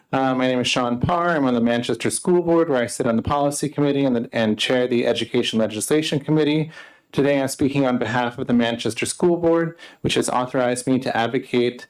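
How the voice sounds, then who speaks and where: A man's voice: medium pitch, low-quality recording. A man on a school board giving formal, prepared testimony before a legislative committee. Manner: measured, formal.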